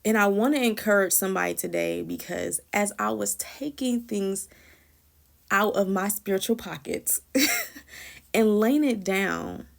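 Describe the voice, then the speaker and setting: A woman's voice: mid-range voice, measured pace, creaky. A woman sharing a personal prayer testimony in an earnest, emotional, conversational way, often repeating and restarting phrases.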